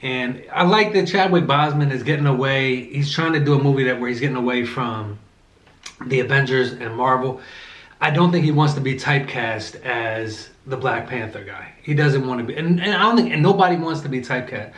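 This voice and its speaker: A man's voice: mid-range voice, brisk, a bit bright. A man vlogging a casual movie review while eating, rambling with many fillers and self-corrections. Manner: eating between remarks. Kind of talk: casual chat. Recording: echoey room.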